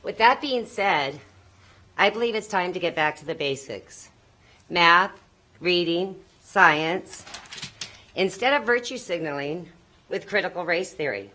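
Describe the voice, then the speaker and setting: A woman's voice: fairly low pitch, lively intonation, a little slow, pushed and bright, rough recording. A woman giving a prepared public comment as a parent, earnest and pleading, nervous and choked up.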